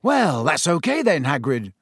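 A man's voice: fairly high pitch, huge pitch swings, unhurried, fairly bright tone, husky, dry recording, clean studio sound, heavily acted. A man doing a hasty, nervous schoolboy. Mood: reassuring.

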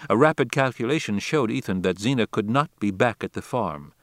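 Low-voiced man reading an audiobook. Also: expressive, no echo, studio quality. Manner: measured, deliberate reading. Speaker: narrator. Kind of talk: audiobook narration of a classic novel.

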